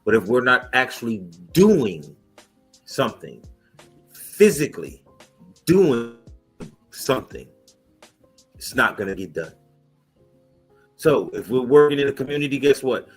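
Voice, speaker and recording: A man's voice: mid-range voice, sing-song, a little slow, long pauses, husky, rough recording. Adamant man over a music bed. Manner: adamant, punchy and insistent. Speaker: guest. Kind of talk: emphatic interview answers. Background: soft music bed.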